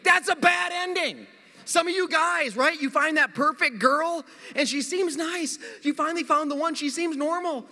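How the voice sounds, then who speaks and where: A middle-aged man, a pastor, preaching a sermon with animated, funny storytelling in a church. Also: extremely high pitch, normal speed, long reverb tail. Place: church sanctuary.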